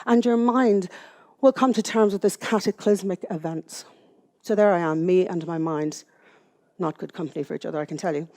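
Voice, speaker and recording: A middle-aged Irish woman speaking to a live audience, telling her own story in a candid, lively way with self-mocking humour. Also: on the low side, moderate pace. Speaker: public speaker. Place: room with an audience.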